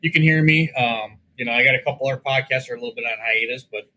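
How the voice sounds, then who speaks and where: Male podcast guest, quick bright delivery, rambling, faint noise behind him. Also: mid-range voice, low-quality recording. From American Midwest. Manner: rambling, filler-heavy talk. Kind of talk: casual chat.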